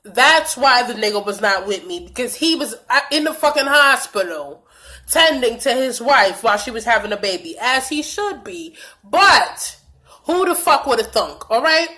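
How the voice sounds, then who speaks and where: A young woman telling a blunt, profane storytime vlog with lots of animated retelling of dialogue, a little stuffy from allergies. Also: fairly high pitch, moderate pace. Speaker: vlogger.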